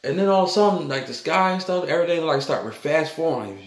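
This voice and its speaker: A man's voice: fairly high pitch, lively intonation, fast. A man recounting a vivid dream in a rambling, repetitive way, full of loose fillers. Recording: echoey room.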